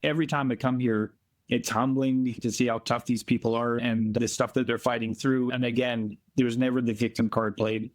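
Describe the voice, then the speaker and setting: A Canadian volunteer, interviewed remotely on a call from abroad, tells earnest stories in a plainspoken, emphatic way and slows down to stress his points. His voice is medium-pitched and his delivery flat.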